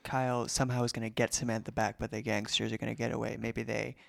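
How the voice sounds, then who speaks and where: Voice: mid-range voice, flat delivery, quick pace, gravelly, fairly bright tone. A player in an improvised comedy role-play, narrating with a playful, dry wit and laughing often.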